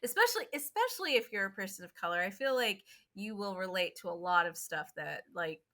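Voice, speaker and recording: A young adult woman co-hosting a casual podcast, expressive, laughing often and swearing casually. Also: mid-range voice, fairly quick. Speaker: podcast co-host.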